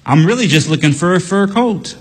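A man's voice: sits high, lively intonation, fairly quick, slightly rough, long reverb tail, voice pushed up. A man voicing a startled male hunter who is amazed to meet a talking bear. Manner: amazed, incredulous.

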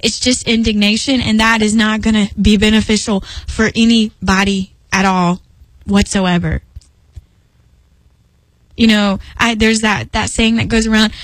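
A woman's voice: mid-range voice, steady tone, unhurried, dry recording, poor audio. A young woman speaking earnestly about faith in a personal devotional talk, emphatic and rambling with restarts. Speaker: Christian speaker.

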